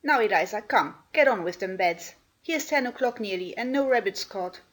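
A woman's voice: mid-range voice, animated, lightly acted, low-quality recording. Woman doing a scolding housekeeper. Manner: scolding and brisk.

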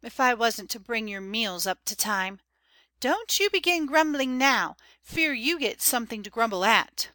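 A man's voice: very high-pitched, sing-song, a little slow, sharp tone, dry recording, voice pushed up, heavily acted. A man reading an audiobook voices an old woman servant who scolds and complains fondly. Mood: scolding. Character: old grumbling woman servant, fussy and sentimental. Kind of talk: audiobook character voice.

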